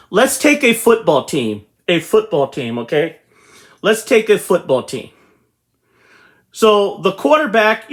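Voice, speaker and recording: High-voiced man giving an emphatic pep talk. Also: a bit bright. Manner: repetitive, emphatic, addresses viewers directly. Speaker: real estate channel host. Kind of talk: motivational talk to camera.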